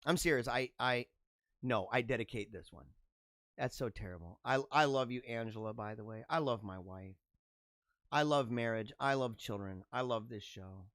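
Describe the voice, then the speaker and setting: Animated man in his forties, joking. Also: mid-range voice, dry recording, studio quality. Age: 40s. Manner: jokey, chuckling, animated asides. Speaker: podcast host. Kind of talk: casual solo commentary reacting to memes.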